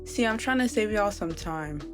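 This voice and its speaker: A woman's voice: mid-range voice, lively intonation, moderate pace, faint music behind. A young woman narrating a crochet tutorial in a casual, playful way, talking to viewers as "y'all" and laughing at her own struggles. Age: young adult. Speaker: crochet vlogger.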